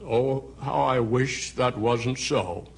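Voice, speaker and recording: A man recites a poem slowly and gently, with a wistful tone. His voice is gravelly and husky, with creak at the ends of phrases. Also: medium pitch.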